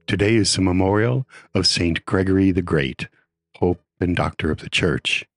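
A man's voice: sits low, moderate pace, dry recording. A man hosting a devotional program, giving a formal scripted introduction. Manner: formal announcer delivery. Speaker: program host.

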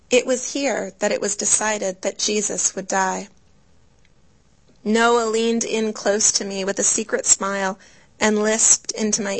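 A woman's voice: on the high side, fairly bright tone, poor audio. Reflective woman preaching a sermon. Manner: measured, reflective, slows on scripture quotes.

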